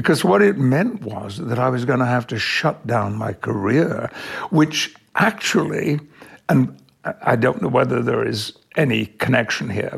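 An older man from Yorkshire with an English accent, a veteran actor telling measured, reflective anecdotes in an interview and chuckling often. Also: medium pitch, creaky, husky. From Yorkshire, England. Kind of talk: interview storytelling.

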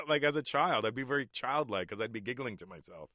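A middle-aged man, a stand-up comedian, telling stories in a relaxed interview and chuckling often. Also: mid-range voice, quick pace, dry recording, clean studio sound. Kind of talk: casual interview talk.

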